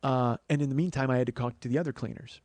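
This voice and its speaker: A man's voice: mid-range voice, steady tone, fast, a little mellow, no room sound. A man in his forties hosting a podcast, telling a comic story in a rambling way, full of stammered restarts and the odd swear word. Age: 40s. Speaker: podcast host.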